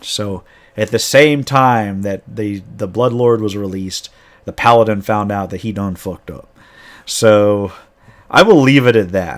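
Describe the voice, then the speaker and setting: Rambling low-voiced male storyteller. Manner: rambling with frequent restarts. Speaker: game master. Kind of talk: casual storytelling about a tabletop game.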